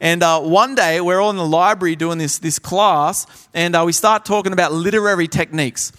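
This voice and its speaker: A young man delivers a conference sermon, his voice pitched high and full of energy. He slips into other people's voices as he tells his stories. The sound carries a long reverb from a large hall. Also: a little fast. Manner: animated storyteller, acts out voices. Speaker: pastor.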